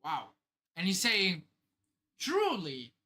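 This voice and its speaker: A man reading a manga chapter aloud on a live stream, reacting with excited outbursts and casual swearing. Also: sits high, takes it slowly.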